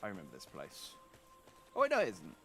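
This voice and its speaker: A man's voice: low-pitched, wildly swooping pitch, fairly quick, fairly bright tone, faint music behind. A man streaming as a VTuber, chatting casually through a game and often correcting himself mid-sentence. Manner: rambling, self-correcting, chatty. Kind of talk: casual gameplay commentary.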